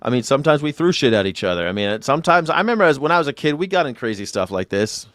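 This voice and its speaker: A man's voice: medium pitch, very animated, fast talker, fairly bright tone, no echo, studio quality. A man hosting a live news reaction show, sarcastic, crude and rambling.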